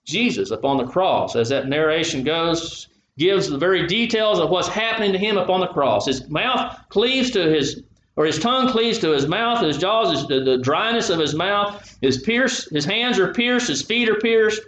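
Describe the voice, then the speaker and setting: Preacher with a high voice, echoey room. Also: male voice, expressive, normal speed, fairly bright tone. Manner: reads scripture aloud, then explains it, with frequent restarts. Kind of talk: sermon with scripture reading. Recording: echoey, slightly dull room sound.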